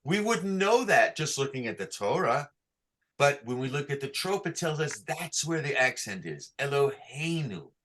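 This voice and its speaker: A man teaching a class on chanting, who asks patient questions and sings short phrases slowly to show how they go. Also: fairly high pitch, sing-song, fairly bright tone. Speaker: cantor teaching Torah chanting. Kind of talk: online class, chanting examples.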